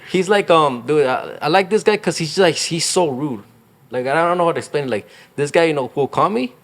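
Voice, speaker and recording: A man's voice: fairly high pitch, a little fast. A young man, a real estate agent, talking casually in an interview, rambling with lots of fillers and slang. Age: young adult.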